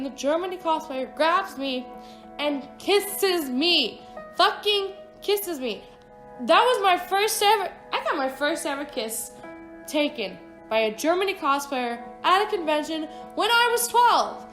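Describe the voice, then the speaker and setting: A woman's voice: high-pitched, animated, normal speed, fairly bright tone. A woman of about twenty telling a casual, rambling story with frequent swearing and offhand asides. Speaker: vlogger. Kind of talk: casual storytime over a speedpaint. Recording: echoey room with background music.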